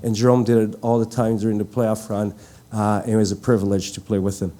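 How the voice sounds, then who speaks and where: His voice sits fairly low, mellow and with little movement in pitch. The middle-aged man, a former teammate, shares a story during a live tribute, stumbling through phrases with frequent fillers and restarts.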